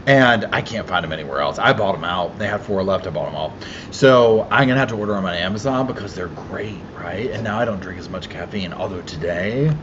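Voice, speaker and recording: A chatty man with a Southern accent hosts a casual livestream, calling out viewers by name and laughing easily. His voice swings widely up and down in pitch. The audio is a bit dull and lo-fi, with a faint hiss underneath. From Carolinas, US South. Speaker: livestream host. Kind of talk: casual live-chat livestream.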